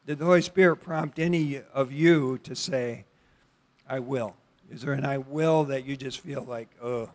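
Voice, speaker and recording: A middle-aged man leading an interactive church Bible study, talking conversationally with questions to the congregation and halting restarts. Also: medium pitch.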